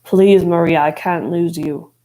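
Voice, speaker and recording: A woman voicing a gloomy, brooding male god of the dead, speaking low and pleading. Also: fairly even intonation, unhurried, warm tone, natural voice.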